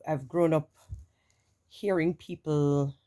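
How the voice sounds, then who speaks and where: A woman with a Jamaican accent and a naturally deep voice, froggy and rough from the morning, rambling casually to her followers with many "you know"s. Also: fairly even intonation, slow, warm tone. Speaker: vlogger. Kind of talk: casual talking-to-camera monologue.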